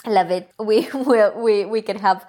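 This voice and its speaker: A woman's voice: medium pitch, moderate pace, darkish tone. A woman with an Eastern European accent co-hosting a podcast in casual chat, laughing often. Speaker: podcast co-host.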